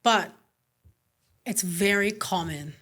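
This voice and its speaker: A woman's voice: mid-range voice, slow pace. A young woman, originally Scottish but now sounding mostly American, telling stories animatedly in a casual interview with lots of "like" fillers. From Scotland. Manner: animated storyteller, frequent "like" fillers. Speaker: guest entrepreneur.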